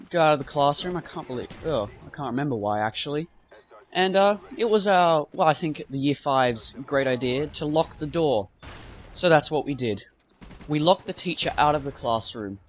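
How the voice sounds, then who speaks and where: A young man with a fairly high voice tells a long, meandering story over his gameplay. He trails off into fillers and side remarks as he goes. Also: fairly bright tone, slight background noise. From half British. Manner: rambling, many fillers and asides. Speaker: gaming commentator.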